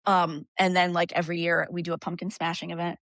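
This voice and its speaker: A woman guest on a podcast, talking candidly with frank swearing and lively storytelling. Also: lowish voice, fast talker, no echo, clean studio sound. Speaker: guest, energy practitioner. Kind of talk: casual podcast conversation.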